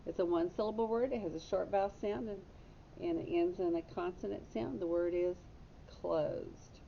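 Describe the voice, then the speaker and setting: A woman's voice: normal speed, creaky. A woman teacher giving a patient phonics lesson to young children, stopping to correct her own slips. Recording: dull lo-fi audio with faint rumble.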